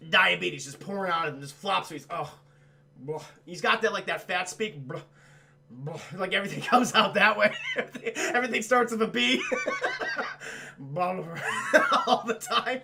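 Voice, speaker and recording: A man's voice: high-pitched, fairly quick, gravelly, pushed and bright, a little hiss or hum. A man streaming a crude, rambling film recap for his chat, full of swearing and mocking impressions.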